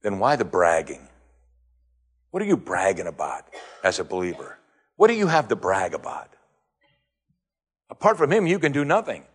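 A man preaching a sermon, firing rhetorical questions, rising to emphatic high points and dropping low again. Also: big pitch swings, moderate pace, pauses often, slightly rough.

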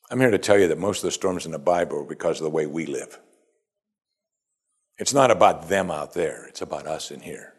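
A man preaching a sermon, animated, swinging between loud exclamations and quiet asides. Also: low-pitched, husky. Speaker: pastor.

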